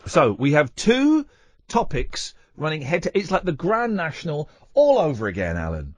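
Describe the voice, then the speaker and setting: A man's voice: on the high side, wildly swooping pitch, dry recording. A man hosting a radio show, chatting casually and teasing his co-host. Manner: playful, teasing, quick to joke.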